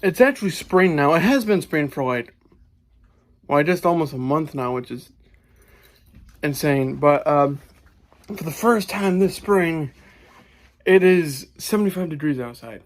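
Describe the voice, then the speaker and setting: A man's voice: fairly high pitch, lively intonation, unhurried, long pauses. Upbeat young man vlogging outdoors. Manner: upbeat, chatty, talks while walking outdoors. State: out of breath. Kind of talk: casual vlog to camera. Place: outdoors on a sunny spring day.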